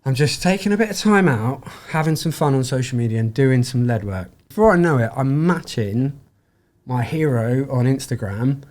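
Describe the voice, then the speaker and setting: A man's voice: medium pitch, normal speed. A middle-aged man, a podcast guest, telling his story in a casual, chatty way and acting out the voices of the people in it. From United Kingdom. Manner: chatty, acts out quoted dialogue with lively voice shifts.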